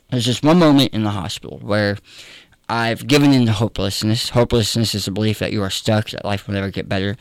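A pastor telling a personal story in an interview, candid and earnest. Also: male voice, medium pitch, no echo. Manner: candid, earnest, conversational with fillers.

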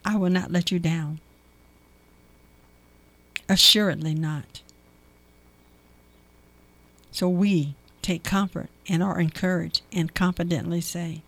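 A devotional speaker reads scripture and reflects on it at a slow, deliberate pace, leaning hard on key words and repeating phrases for emphasis. The voice sits at a middle pitch, and the recording is dry and close, with no room sound. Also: steady tone, no room sound. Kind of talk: Bible reading and devotional reflection.

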